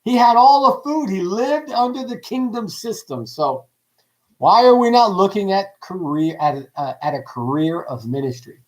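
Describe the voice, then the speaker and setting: A man preaching on a livestream in a lively, joking way, asking his audience many questions. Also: high-pitched, moderate pace, low-quality recording. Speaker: pastor. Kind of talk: livestreamed ministry teaching.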